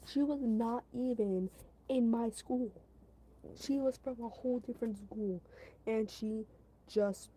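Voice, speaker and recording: Brief: young female creator, mid-pitched and warm, chatty storytime with restarts. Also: breathy edge, poor audio. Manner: animated, emphatic, with frequent restarts and acted quotes. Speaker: content creator. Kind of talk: casual storytime monologue.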